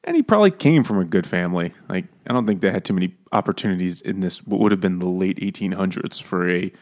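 A man's voice: sits low, animated, fast talker, darkish tone. A man co-hosting a casual book discussion, rambling, swearing and laughing.

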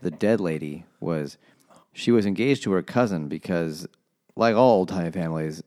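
A man's voice: deep voice, a little mellow. A man co-hosting a casual book podcast, tossing in wisecracks and then recapping the plot. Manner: wisecracking, quick interjections. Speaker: podcast co-host. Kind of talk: casual book-club chat.

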